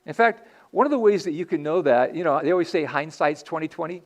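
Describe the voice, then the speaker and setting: A man's voice: on the high side, expressive, fast. A man preaching a sermon in a church as pastor, earnest and conversational, often restarting his sentences.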